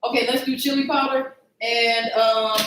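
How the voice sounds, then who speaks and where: A woman's voice: on the high side, fairly even intonation, measured pace, echoey room, background noise. A woman hosting a casual live cooking stream, chatty and self-mocking as she talks to her viewers from a home kitchen. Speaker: cooking show host.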